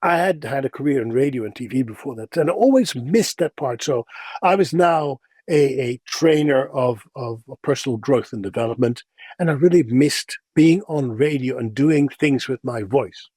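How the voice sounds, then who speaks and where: Middle-aged male interview guest, neutral Northern European accent, husky voice, dry close sound, reflective storyteller. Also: mid-range voice, animated, normal speed, darkish tone, no echo. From Netherlands.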